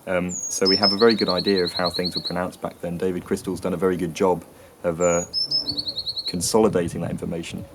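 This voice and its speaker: Deep, monotone man explaining at length. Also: fast, very noisy. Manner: hesitant, with many ums and restarts. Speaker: channel host explaining accents. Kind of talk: educational talk to camera.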